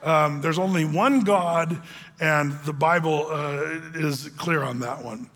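A man with a high, bright, forceful voice gives a chatty Bible teaching from the pulpit. He jokes and drifts into asides. His words ring out in a church hall with a long echo. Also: slow pace. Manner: chatty and joking, with many fillers and asides. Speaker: pastor. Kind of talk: conversational sermon. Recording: echoey hall.

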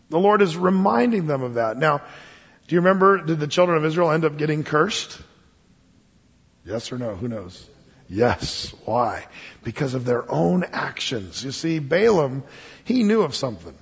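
Raspy higher-pitched guy preaching, animated storyteller, gravelly voice. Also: moderate pace. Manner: animated storytelling with chuckles and asides. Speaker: pastor. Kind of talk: expository sermon. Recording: dull lo-fi sound with long hall reverb.

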